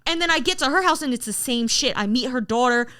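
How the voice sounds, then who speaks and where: High, bright-voiced young woman telling a story. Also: quick pace, clean tone. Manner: animated, swears freely, acts out quoted voices. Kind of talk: casual podcast storytelling.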